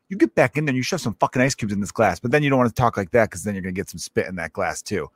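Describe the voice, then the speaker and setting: A man's voice: fairly low pitch, expressive, rapid-fire, hardly any pauses, no room sound. A man hosting his own podcast as a stand-up comedian, rambling through a profane comic monologue and acting out little scenes in other voices.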